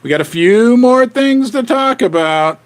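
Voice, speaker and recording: A man hosting a casual livestream, rambling and animated as he chats with viewers. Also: very high-pitched, a little slow. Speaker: livestream host. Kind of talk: casual livestream chat about finance.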